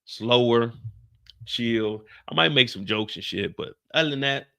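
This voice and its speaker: A young man from Kansas City hosting a casual livestream, talking loud and jokey and pushing his voice up to entertain. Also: medium pitch, lively intonation, a little fast, vocal fry. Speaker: host of a TV show recap livestream.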